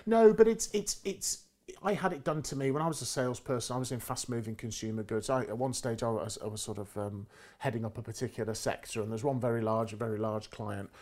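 A middle-aged man with an ordinary, mid-pitched voice talks easily about business meetings. He slips into the voices of the people in his stories and leans on the rise and fall of his lines to make a point. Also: fairly quick, darkish tone. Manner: acts out quoted lines with inflection. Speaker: guest speaker on negotiation. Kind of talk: casual conversational storytelling.

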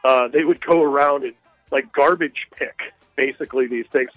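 A man's voice: mid-range voice, fairly even intonation, normal speed, fairly bright tone, no echo, soft background music. A male caller telling a long story on a radio call-in show, rambling and hesitant with many fillers. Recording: dull, dry phone line.

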